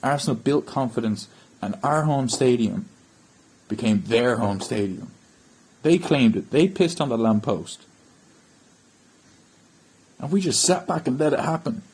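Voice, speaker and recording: Husky Irish man ranting about football. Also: mid-range voice, expressive, unhurried, long pauses, a little mellow, low-quality recording. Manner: frustrated, blunt, swearing. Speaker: football fan channel host. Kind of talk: ranting match review to camera.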